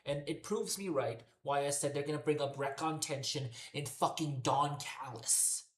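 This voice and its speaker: Recorded in an echoey, roomy space, a low-pitched woman rants heatedly about a wrestling show at a moderate pace. Her review is profane and exasperated, full of constant swearing and repetition.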